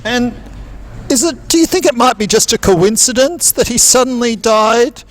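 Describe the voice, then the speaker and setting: A man's voice: very high-pitched, moderate pace, fairly bright tone. A man hosting a playful mock interrogation of cast members, teasing and theatrical.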